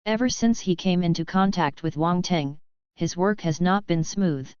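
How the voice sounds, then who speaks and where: Brief: steady woman audiobook narrator, low-ish pitch, muffled lo-fi sound. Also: normal speed, smooth, dry recording. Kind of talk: scripted narration.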